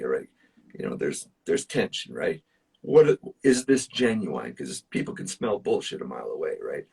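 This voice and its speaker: A man's voice: extremely low pitch, very animated, normal speed, vocal fry, darkish tone, slightly rough, far from the mic. A man, a musician guest, telling personal stories in casual chat, earnest and emphatic, with plenty of fillers. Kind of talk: casual storytelling.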